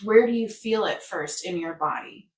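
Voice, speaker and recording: A woman's voice: mid-range voice, normal speed, recorded from a distance, a little hiss or hum. A woman in casual wellness chat who rambles and acts out everyday scenarios. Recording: echoey room, off-mic.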